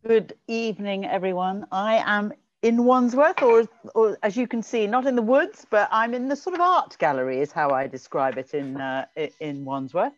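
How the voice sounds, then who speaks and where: A woman's voice: medium pitch, normal speed, hardly any pauses, no room sound. A woman introducing herself on a video call, correcting herself as she goes. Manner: hesitant, self-correcting. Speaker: regular panelist. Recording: dry, dull video call audio.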